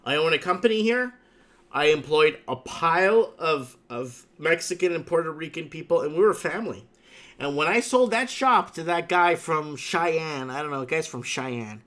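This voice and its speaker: Guy hosting a chatty talk show, kinda high voice, tells stories over and over with lots of emphasis. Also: lively intonation, moderate pace, fairly bright tone. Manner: emphatic storytelling with repeated catchphrases. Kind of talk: casual chat.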